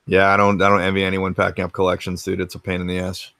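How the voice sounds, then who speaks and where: Man, from the US, livestream host, casual rambling chat, low voice, dry sound. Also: monotone, quick pace, bright, forceful tone, dry recording. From United States. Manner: laid-back and rambling, swears freely, answers chat. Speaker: host of a retro gaming livestream. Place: home game room.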